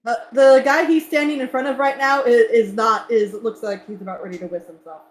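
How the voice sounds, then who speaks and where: A woman narrating a tabletop game as game master, chatty and quick to laugh. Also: fairly high pitch, steady tone. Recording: echoey room.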